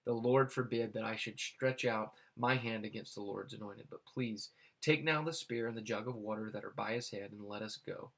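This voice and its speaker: A man's voice: on the low side, vocal fry, fairly bright tone. Man reading and explaining scripture. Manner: halting, many fillers and restarts. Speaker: Bible teacher.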